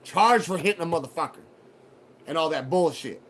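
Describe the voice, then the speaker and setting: A man with a high-pitched voice tells a story on a live show. He swears often, acts out the other voices with lots of energy, and a faint hum of ambience sits underneath him. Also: normal speed. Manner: profane, animated retelling with acted quotes. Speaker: show host telling a personal story. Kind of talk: casual storytelling.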